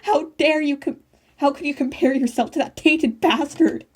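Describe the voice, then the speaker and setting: A woman's voice: mid-range voice, fairly quick, warm tone, close to an everyday voice. A woman reading as a fierce grieving fox-like sister. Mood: furious. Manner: angry, accusing.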